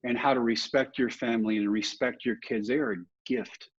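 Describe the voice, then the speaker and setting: Husky-voiced man telling stories. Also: medium pitch, normal speed. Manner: lively anecdotes, self-deprecating humor. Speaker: guest, motivational speaker. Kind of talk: storytelling in a podcast interview. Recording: dull, muffled audio.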